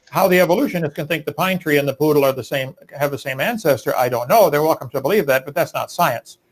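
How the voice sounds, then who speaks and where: A man's voice: on the high side, poor audio. A man answering in a live debate, preachy and emphatic, now and then restarting his sentences. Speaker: creationist debater.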